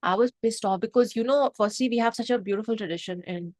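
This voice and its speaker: A woman's voice: a little high, fast talker, a little mellow, no echo. A woman from India, reviewing a film to camera in a passionate, emotional, rambling way. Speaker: movie reviewer. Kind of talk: unscripted review chat to camera.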